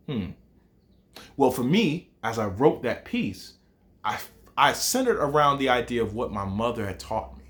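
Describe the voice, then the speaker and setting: A young man with a Southern accent, hosting a lively hip hop writing lesson and talking straight to his students. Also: mid-range voice, measured pace. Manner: animated, rhythmic, addresses viewers directly. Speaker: teacher, host of the show.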